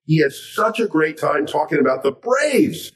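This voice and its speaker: A man from the United States spins anecdotes as a guest, his pitch swooping and lively as he acts out each exchange. The mic sits some distance from him. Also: moderate pace. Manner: animated, acts out quoted dialogue. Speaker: sports commentator and guest. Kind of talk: casual anecdotal storytelling.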